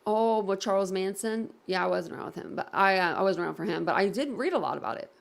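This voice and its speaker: A woman hosts a casual livestream chat, rambling loosely and filling her talk with "like" and "um". Her voice sits in a middle range with a gravelly edge to it. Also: mid-range voice, fast. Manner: rambling, many fillers, reads comments aloud. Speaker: livestream host reading chat.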